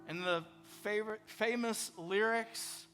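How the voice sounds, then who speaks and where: Male pastor, high bright voice, earnest conversational sermon, faint music bed. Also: a little slow. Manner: earnest, conversational preaching with prayerful asides.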